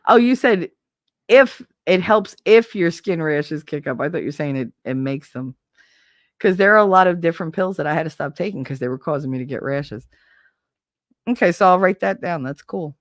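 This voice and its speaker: A woman's voice: fairly low pitch, no echo, clean studio sound. A woman streamer in casual live-stream chat, rambling and candid, swearing freely and laughing often.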